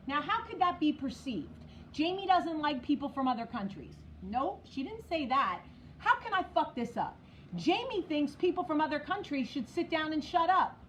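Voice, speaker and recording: A middle-aged woman from New Jersey talks straight to her viewers, blunt, profane and fired up. Her voice sits high, and the stream audio sounds muffled and lo-fi, with a faint hiss behind it. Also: very animated, normal speed. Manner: blunt, profane, fired-up, talking to commenters by name. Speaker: vlog host. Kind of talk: casual live-stream talk to viewers.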